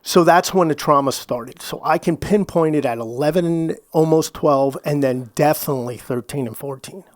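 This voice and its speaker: A middle-aged man recounting his youth in a candid interview, animated, often restarting his phrases and slipping into quoted asides. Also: fairly high pitch, normal speed, no room sound, clean studio sound. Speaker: podcast guest.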